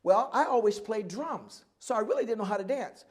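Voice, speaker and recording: Animated older man telling stories. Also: high voice, a little fast, breathy edge. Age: 70s. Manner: animated storyteller who acts out dialogue and laughs often. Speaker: oral history guest. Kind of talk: live oral history storytelling.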